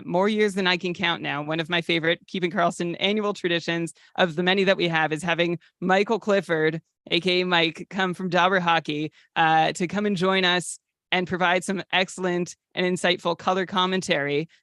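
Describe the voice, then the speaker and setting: A man's voice: sits high, pushed and bright, no echo, studio quality. A man co-hosting a podcast, talking in a nervous, rambling way with lots of fillers. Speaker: podcast co-host. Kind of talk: casual podcast chat.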